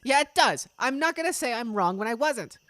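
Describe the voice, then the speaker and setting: A woman voicing a defiant, stubborn young girl with shrill, outraged protests, read aloud from a game. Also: lively intonation, a little fast, fairly bright tone, no room sound.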